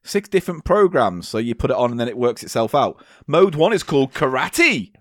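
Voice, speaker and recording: A man's voice: mid-range voice, very animated, a little fast, no echo, clean studio sound. A man from England co-hosting a comedy podcast, bantering playfully and swearing freely, sometimes slipping into silly voices. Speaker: podcast co-host.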